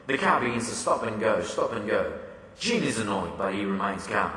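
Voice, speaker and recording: A man's voice: lowish voice, lively intonation, normal speed, sharp tone. A man narrating a comic book story in a plain, descriptive way. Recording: echoey hall, far from the mic.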